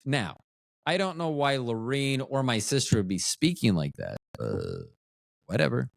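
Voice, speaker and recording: Man, podcast host, casual chat, self-mocking jokes, animated pitch, dry close sound. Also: measured pace, gravelly, no room sound. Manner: rambling, joking, self-mocking.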